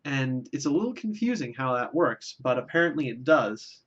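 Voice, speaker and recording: A man's voice: mid-range voice, big pitch swings, moderate pace, fairly bright tone, husky, dull audio. A man delivering a rambling, self-deprecating comic monologue, with lots of filler words and restarts. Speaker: vlogger.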